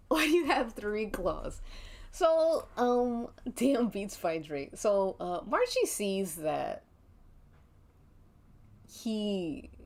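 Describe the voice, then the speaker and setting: Slow-talking woman streamer narrating a game. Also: mid-range voice, darkish tone. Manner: laughs often, swears casually. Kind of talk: casual game narration on a livestream.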